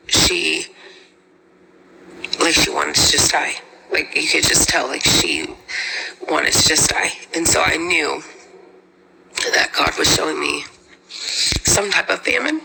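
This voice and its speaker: A woman recounting a vision in halting, emotional speech that often sinks to a whisper. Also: sits low, gravelly, background noise. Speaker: testimony speaker. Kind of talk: personal testimony.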